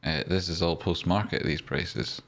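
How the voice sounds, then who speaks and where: A Scottish man with a very low voice hosts a relaxed trading livestream. He banters and teases, reading comments aloud in an easygoing, joking way. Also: moderate pace. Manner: chatty and joking, reads viewer comments aloud. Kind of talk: casual live-stream chat.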